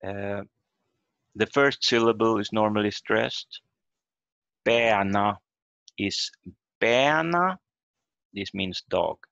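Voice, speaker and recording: A man teaching a language lesson over a video call, explaining slowly and haltingly and repeating example words aloud. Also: lowish voice, creaky, a bit bright, no echo. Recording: dull lo-fi video call audio.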